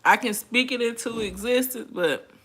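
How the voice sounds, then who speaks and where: A woman's voice: fairly high pitch, normal speed, a bit bright, slightly rough. A woman in her forties hosting a casual livestream, reading viewer comments aloud and chatting in a folksy way with frequent laughter. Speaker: livestream host.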